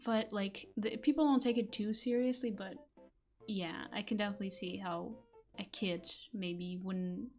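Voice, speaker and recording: A young woman chats loosely on a stream. She laughs easily and often trails off before starting her sentence again. Soft music plays faintly behind her. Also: mid-range voice, steady tone, moderate pace. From Portugal. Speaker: voice actor streamer. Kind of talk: casual chat stream.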